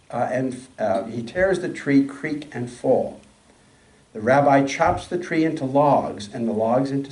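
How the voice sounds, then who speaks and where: A man giving a sermon, reading a story aloud in a slow, measured way. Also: mid-range voice, warm tone, reverberant, far from the mic, poor audio. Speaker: speaker.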